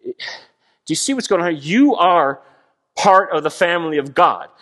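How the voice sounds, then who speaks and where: Man, sermon, high-pitched, animated, acts out voices. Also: moderate pace. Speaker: guest preacher.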